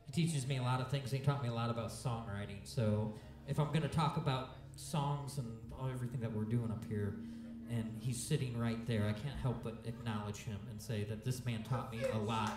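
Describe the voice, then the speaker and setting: A man's voice: medium pitch, steady tone, fairly quick, recorded from a distance, background noise. A man from Central Illinois, a rock band frontman, bantering loosely between songs and swearing casually. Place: live music venue. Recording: roomy live stage with loud music.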